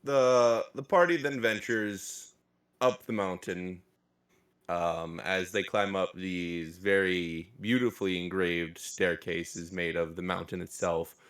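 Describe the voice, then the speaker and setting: A man's voice: deep voice, steady tone, slow, a bit bright. A man narrating as game master in a casual, rambling way, swearing offhandedly. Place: live-streamed game session.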